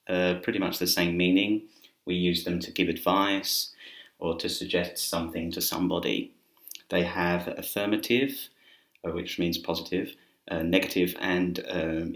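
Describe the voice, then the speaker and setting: A man teaching an English grammar lesson in a relaxed, chatty way with filler words, speaking to camera indoors. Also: low voice. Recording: roomy echo.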